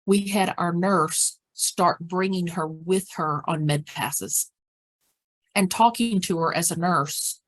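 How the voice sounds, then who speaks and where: A woman leads a caregiver training session in a slightly low voice. She talks plainly and practically, and she leans on repeated words to drive her points home. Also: takes it slowly. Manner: acts out example phrases and whispers. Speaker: dementia care educator. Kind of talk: training presentation.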